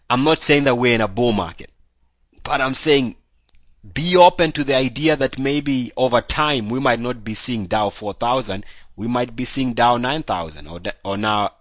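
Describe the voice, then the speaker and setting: A man's voice: mid-range voice, a bit bright, dry recording. A man with a cold, hosting a casual stock market commentary and talking through charts in a loose, conversational way full of fillers. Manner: conversational, loose with many "you know" fillers. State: has a cold. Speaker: stock market analyst host.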